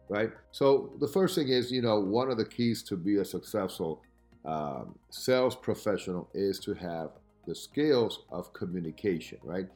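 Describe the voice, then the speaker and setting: Lowish-voiced man coaching on sales. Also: moderate pace, faint music behind. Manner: keeps asking "right?" as he teaches; emphatic, lively coaching delivery. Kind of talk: podcast talk.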